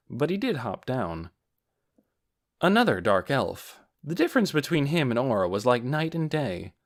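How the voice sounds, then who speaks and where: A man narrating a fantasy novel as an audiobook with expressive storytelling. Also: mid-range voice. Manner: expressive storytelling, varied intonation.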